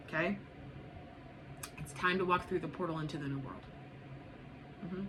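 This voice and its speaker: A woman's voice: low-pitched, moderate pace. A woman giving a spiritual tarot reading to viewers, blunt and profane, urging and repeating herself. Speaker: tarot reader. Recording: noisy background.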